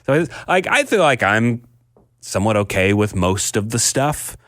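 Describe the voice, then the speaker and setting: A man's voice: fairly low pitch, sing-song, a bit bright, dry recording. A man co-hosting a casual parenting podcast, chatty and self-deprecating. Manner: chatty, self-deprecating, quick to laugh along. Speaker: podcast co-host.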